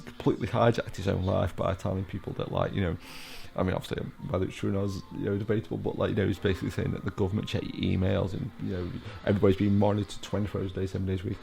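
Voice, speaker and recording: A man's voice: deep voice, level tone, very fast, vocal fry, dark tone. A middle-aged British man giving a casual solo film commentary, rambling with lots of fillers and asides. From United Kingdom.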